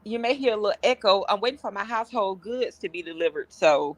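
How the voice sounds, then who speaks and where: A woman's voice: mid-range voice, expressive, quick pace, no echo. A woman from Georgia calling into a livestream chat as a guest, teasing and gossipy. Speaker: call-in guest.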